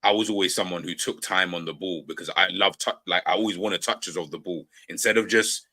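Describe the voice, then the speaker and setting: Deep bright-toned young man. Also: brisk. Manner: hesitant, restarts often, thinks aloud. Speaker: podcast host. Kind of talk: casual chat.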